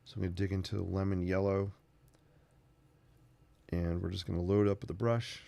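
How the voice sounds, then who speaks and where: A man's voice: low-pitched, level tone, normal speed, creaky, dark tone. A man hosting a casual painting tutorial, rambling through chatty asides as he works. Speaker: sketching channel host.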